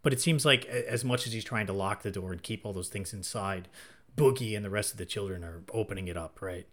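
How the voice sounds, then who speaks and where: A man's voice: fairly low pitch, fast, a bit bright. A man co-hosting a casual film discussion, eager and often restarting his sentences. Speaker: podcast co-host.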